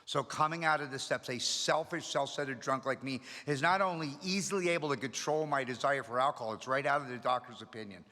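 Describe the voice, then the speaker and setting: A man's voice: mid-range voice, a little fast, few pauses, pushed and bright. A middle-aged man speaking at a recovery meeting, telling his story with energy and humor. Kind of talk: storytelling talk to an audience. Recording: long reverb of a hall.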